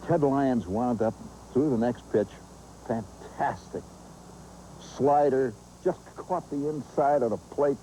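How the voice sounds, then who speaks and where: A man's voice: mid-range voice, slow pace, a little hiss or hum, rough recording. A man hosting and telling a humorous, nostalgic story with vivid asides. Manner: animated, nostalgic yarn-spinning with vivid asides. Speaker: host and storyteller.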